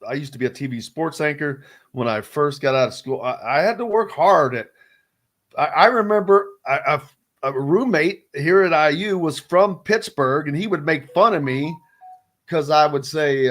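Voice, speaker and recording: A man's voice: a little high, fairly bright tone. A man from Indiana hosting a sports radio show, chatting casually and laughing between restarted sentences.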